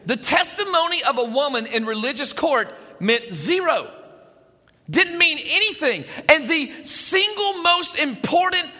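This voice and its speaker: A man preaching a sermon as pastor, animated, shouting at times and dropping to a hush. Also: very high-pitched, measured pace, big-room sound.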